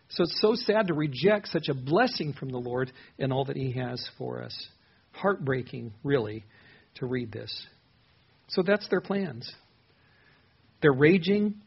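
A man's voice: a little high, creaky, breathy edge, dull audio. A man preaching a sermon in an earnest, conversational way, acting out quotes as he goes. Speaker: pastor.

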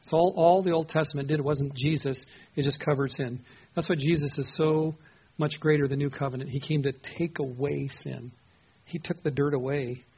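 A pastor teaches a Bible passage conversationally, asking his listeners questions and repeating words as he thinks aloud. His somewhat raised, husky voice is fairly high, steady and at a normal speed, and the recording sounds muffled and lo-fi.

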